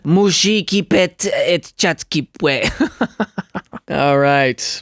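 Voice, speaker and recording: Sarcastic male host, high and expressive, reading posts for comedy, dry close recording. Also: no echo. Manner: animated, sarcastic, jumps between high and low voices. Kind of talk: comedic commentary.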